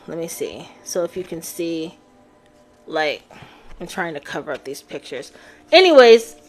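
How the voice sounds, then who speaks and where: A woman's voice: on the low side, a bit bright. A woman giving a live-stream tarot reading, chatting casually and talking straight to her viewers. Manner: chatty, addresses viewers directly. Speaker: tarot reader. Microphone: phone on a live stream.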